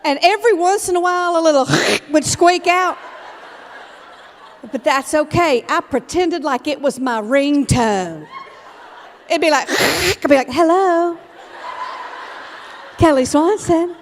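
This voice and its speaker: A woman in her fifties giving a humorous storytelling keynote as a motivational speaker, told in an animated comic way. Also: high voice, unhurried, a little hiss or hum. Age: 50s. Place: large event hall. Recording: long hall reverb from a live keynote.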